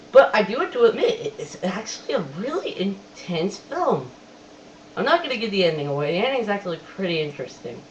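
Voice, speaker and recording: A casual webcam movie reviewer who talks chattily, keeps repeating that he has to admit things, and quotes lines with animated emphasis. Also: medium pitch, a little fast. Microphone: webcam microphone. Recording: distant dull webcam audio, faint hiss.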